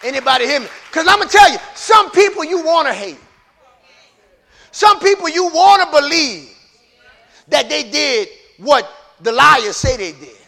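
A male pastor with a strikingly high, bright and piercing voice delivers an impassioned sermon. He swings between hushed, intimate stretches and shouted peaks. He talks straight to his congregation, with folksy asides. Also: sing-song, a little slow, vocal fry, some chatter behind.

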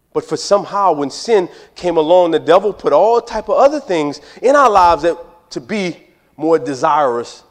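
Male pastor, fairly high voice, chatty and joking, talks right to the pews. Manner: conversational, joking, talks straight to the congregation. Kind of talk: sermon.

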